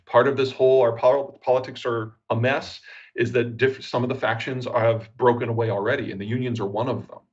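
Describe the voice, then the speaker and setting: A man with an American accent, a geopolitical analyst giving measured, analytical interview answers with frequent "uh" fillers. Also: medium pitch, fairly even intonation, husky, muffled recording.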